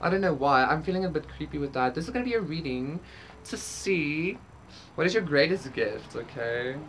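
A woman's voice: low voice, expressive, moderate pace, slight background noise. A woman doing a casual tarot reading, rambling with many fillers and casual swearing. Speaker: tarot reader. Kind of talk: casual spiritual reading to camera.

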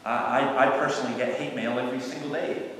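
A middle-aged preacher and evangelist speaks fast in a medium-pitched, steady, fairly bright voice, telling earnest stories conversationally to visitors on a tour of a large church. The recording, made from far off in an echoey hall, carries a little hiss or hum.

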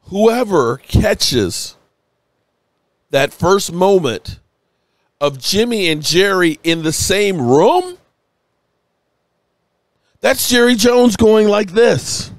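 Tipsy guy ranting on his stream, kinda high voice, rambly, swears a lot, dry sound. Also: expressive, extremely slow, long pauses, no room sound. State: tipsy and emotional. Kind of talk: emotional live-stream commentary.

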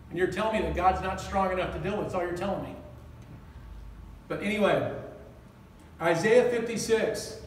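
Older male pastor, passionate preacher, high voice, distant mic in a reverberant church hall. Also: a little hiss or hum. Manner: passionate, rapid, asks the congregation questions. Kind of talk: sermon. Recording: roomy echo, mic at a distance.

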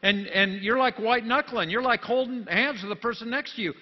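A pastor giving a jokey sermon, dropping to quiet asides and then rising into loud, emphatic bursts. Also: male voice, extremely high pitch, a little fast. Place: church sanctuary. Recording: long church reverb, dull lo-fi sound.

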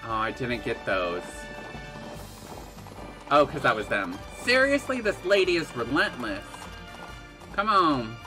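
Excitable man streaming a game. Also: medium pitch, slow, long pauses, over music. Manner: excitable, gasps and laughs at the game. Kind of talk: live gameplay commentary.

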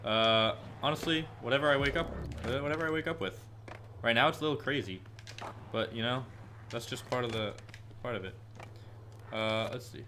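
Excitable 18-year-old male streamer, bright voice. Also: mid-range voice, moderate pace, long pauses, slight background noise. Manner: chatty, bursts into excited frustrated yelps. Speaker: gaming streamer. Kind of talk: live stream gameplay commentary and Q&A. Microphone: headset with headphones.

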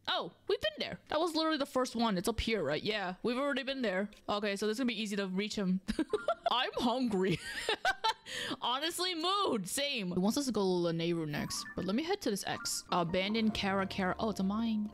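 A woman's voice: mid-range voice, animated, a little fast. A woman streaming a video game, giving playful, jokey commentary and laughing often. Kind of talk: casual gaming commentary.

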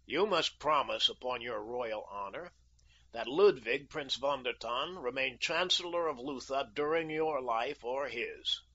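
A man's voice: medium pitch, a little slow, sharp tone, husky. A man voicing a brash, self-assured young American who bargains coolly and mocks, on a dull lo-fi recording. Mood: firm, cool. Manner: cool, bargaining and mocking. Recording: dull lo-fi audio.

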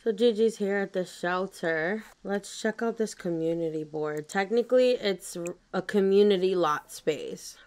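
A woman narrating a let's play in casual commentary. She is chatty and quick to get excited, drops swear words freely, and speaks in a mid-range voice. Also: medium pitch.

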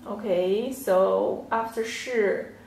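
A woman teaching a slow online Chinese lesson, patiently repeating words and filling pauses with "yeah" and "okay". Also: medium pitch, vocal fry, a little mellow, recorded from a distance, a little hiss or hum. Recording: echoey room, off-mic.

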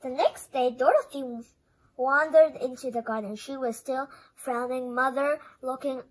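A woman reads a children's picture book aloud with expressive storytelling. Her voice sits high and clear, in a steady read-aloud manner. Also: measured pace, rough recording. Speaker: storybook reader.

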